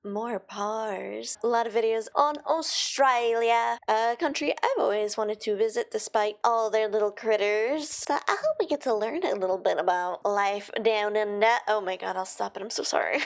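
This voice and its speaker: A woman's voice: on the high side, moderate pace, gravelly, few pauses. A woman streamer chatting playfully and giggling as she reacts to a video. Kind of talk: casual reaction commentary.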